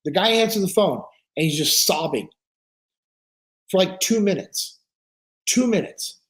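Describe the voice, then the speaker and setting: This podcast speaker's voice sits high and his delivery is a little slow. In casual conversation, he shares stories with sincere conviction, bringing quoted dialogue to life by performing each person's voice.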